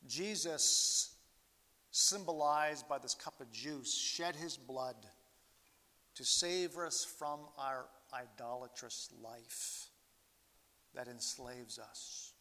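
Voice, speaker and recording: A man preaching a sermon as pastor, slow and earnest, his voice swelling and falling in loudness as he stresses each point. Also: medium pitch. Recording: long hall reverb.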